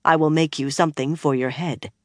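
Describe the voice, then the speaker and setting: A sharp-tongued young woman barks orders in a raised, clipped voice, as an audiobook narrator puts her on. She sounds commanding and impatient, and the reading is close and dry. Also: medium pitch, fairly even intonation, brisk, dry recording, close to an everyday voice. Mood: bossy. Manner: snappish and commanding.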